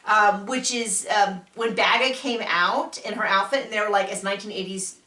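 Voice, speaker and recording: A woman hosting a casual spoken TV recap, chatty and enthusiastic, acting out quotes with sudden jumps in pitch. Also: normal speed, pushed and bright, recorded from a distance. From United States. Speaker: podcast host reviewing a TV show. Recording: echoey room, voice a bit off-mic.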